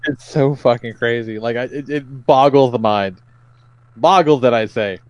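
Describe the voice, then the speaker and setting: A man's voice: medium pitch, normal speed, no echo. A man co-hosting a comedy podcast, telling stories casually with lots of swearing and acted-out quotes. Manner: profane, animated storytelling, acts out quotes. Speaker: podcast co-host.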